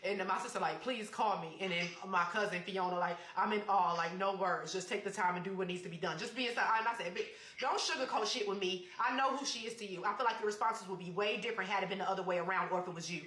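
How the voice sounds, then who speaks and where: Woman, casual storytime, quick talker, reads messages aloud, roomy sound. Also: medium pitch. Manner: fast, animated, reads out text messages.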